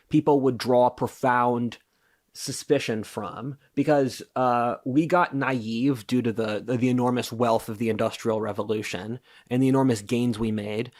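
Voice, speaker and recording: A man who is a podcast guest, explaining his views in an assertive, lecturing way during casual interview talk. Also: medium pitch.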